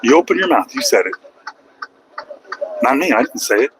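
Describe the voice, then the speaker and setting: A man's voice: medium pitch, sing-song, normal speed, background noise. A man driving a truck who livestreams to his chat and answers critics with sarcastic, mocking remarks. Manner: sarcastic, mocking, heckles critics in a put-on whiny voice. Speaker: truck driver vlogger. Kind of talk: live-stream rant to chat. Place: inside a truck cab on the road.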